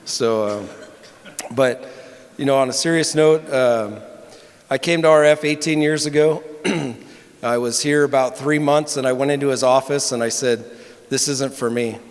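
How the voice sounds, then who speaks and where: A man's voice: mid-range voice, normal speed. A man giving a tribute speech, telling a wry anecdote that turns earnest. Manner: wry storytelling turning earnest. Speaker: longtime employee giving a tribute. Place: banquet hall. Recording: echoey hall with murmuring crowd.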